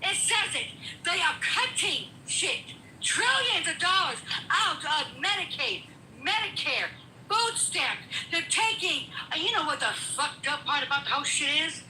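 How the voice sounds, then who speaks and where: A woman's voice: very high-pitched, very animated, unhurried, bright, forceful tone, a little hiss or hum. A middle-aged woman arguing politics heatedly, swearing and talking over the other person. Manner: angry, profane, emphatic, talks over the other speaker. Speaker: guest in a political debate. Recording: echoey room.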